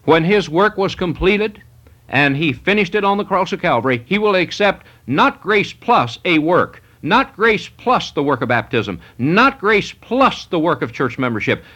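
A man's voice: high-pitched, very animated, unhurried, pushed and bright. A man preaching a sermon, reading scripture and pressing his points with emphatic repetition. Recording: muffled lo-fi recording.

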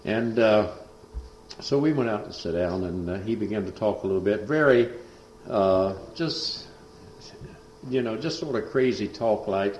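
A man's voice: on the low side, unhurried, darkish tone, slight background noise. A man, a preacher telling a story in a folksy, rambling way. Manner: folksy, rambling, lots of uh fillers. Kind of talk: storytelling testimony. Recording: echoey dull lo-fi recording.

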